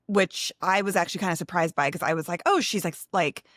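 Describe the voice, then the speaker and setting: A woman's voice: fairly low pitch, quick pace, a bit bright, no room sound, clean studio sound. A woman co-hosting a podcast in a bubbly, chatty way, full of fillers. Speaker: podcast co-host. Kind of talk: casual chat.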